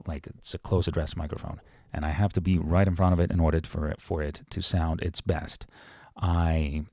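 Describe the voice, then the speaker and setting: A man teaching about microphones in a chatty, casual demonstration, moving closer to and farther from the mic in a small, lively room. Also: deep voice. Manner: chatty, explains while moving toward and away from the mic. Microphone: studio microphones tested at changing distances.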